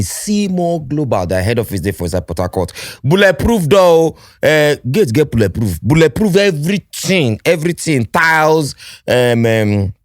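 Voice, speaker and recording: A man's voice: medium pitch, dry recording, clean studio sound. A Nigerian man co-hosting a podcast, ad-libbing a sponsor read in Pidgin with loose fillers. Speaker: podcast co-host.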